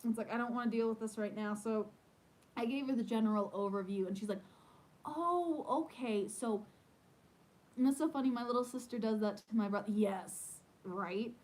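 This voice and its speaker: A woman in her thirties, a podcast host, chatting casually and telling animated stories with lots of "like". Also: medium pitch, fairly quick, rough recording. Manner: chatty, animated storytelling with many "like"s. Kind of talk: casual chat.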